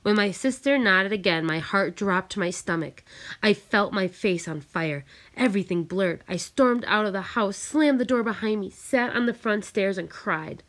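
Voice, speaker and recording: A woman narrating a storybook reading in a measured, careful way. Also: medium pitch, a bit bright. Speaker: audiobook narrator.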